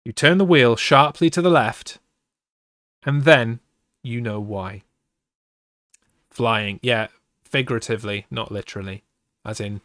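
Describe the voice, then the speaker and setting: A man's voice: medium pitch, measured pace, long pauses, fairly bright tone, no room sound, clean studio sound. A man streaming a spooky choose-your-path story, teasing his chat playfully and mocking himself. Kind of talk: live-streamed interactive story reading with chat banter.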